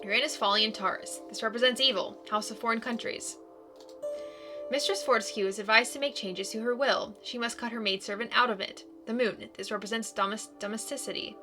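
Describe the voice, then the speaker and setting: A woman's voice: on the high side, steady tone. Casual woman reading game text over music. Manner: casual, plain reading with quick asides. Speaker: gaming YouTuber.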